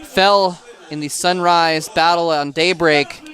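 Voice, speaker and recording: A man's voice: on the high side, steady tone. A young man casting a strategy game over a headset, chatty and goofy, with the hiccups. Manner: chatty, goofy banter, quickens and rises on big plays. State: has the hiccups. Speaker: esports caster. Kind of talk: play-by-play commentary. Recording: game music loud behind.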